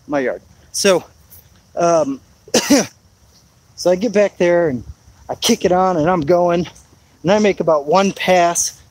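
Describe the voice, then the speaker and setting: A man's voice: high-pitched, darkish tone, no echo, rough recording. A man rambling through a laid-back live chat outdoors in his rainy backyard, full of fillers. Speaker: homesteading vlogger.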